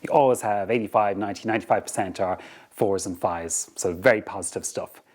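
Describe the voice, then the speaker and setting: A man hosting a podcast, giving a motivational talk in an animated way, often repeating words as he restarts. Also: on the low side, brisk. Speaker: podcast host.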